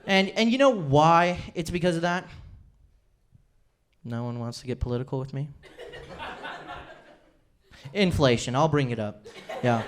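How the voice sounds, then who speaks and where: A man's voice: on the high side, lively intonation, unhurried, long pauses, noisy background. A man in his twenties doing a rambling, self-deprecating stand-up routine on a comedy club stage. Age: 20s.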